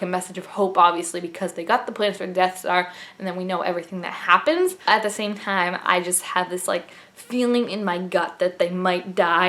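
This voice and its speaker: A woman's voice: mid-range voice, fairly bright tone. Gushing, chatty young woman vlogger. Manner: chatty and gushing, many fillers and laughs. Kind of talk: casual trailer reaction vlog.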